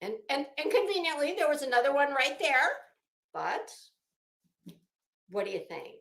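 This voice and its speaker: A woman's voice: sits high, big pitch swings, normal speed, fairly bright tone, reverberant. A woman hosting a fashion gossip commentary show at home, telling a rambling, profane, self-mocking story while hot and sweaty. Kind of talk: casual chatty commentary.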